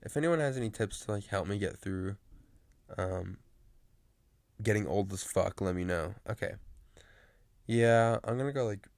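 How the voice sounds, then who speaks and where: Rambling low-voiced teen guy vlogging. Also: moderate pace, vocal fry, pauses often, a little mellow, no echo. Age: late teens. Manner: rambling, full of fillers and restarts. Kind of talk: casual rambling chat to camera.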